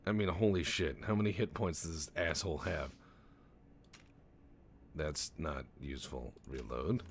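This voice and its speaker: A man's voice: very deep voice, unhurried, slight background noise. A man doing rambling, profane, jokey let's-play commentary over a strategy game, tossing in goofy voices. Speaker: gaming channel host.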